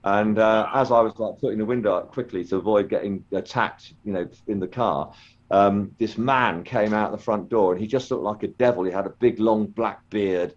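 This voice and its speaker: Low-voiced older man, rambling. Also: normal speed. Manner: rambling, hesitant, many ums and restarts. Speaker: interview guest, former children's TV actor. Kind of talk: casual storytelling interview. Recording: dull lo-fi call audio.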